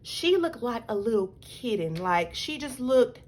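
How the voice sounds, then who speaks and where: A woman's voice: fairly high pitch, very animated, a little slow. A young adult woman telling a personal story to her viewers in a loose, chatty way, full of "like" and "y'all". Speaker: vlogger. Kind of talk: casual storytelling.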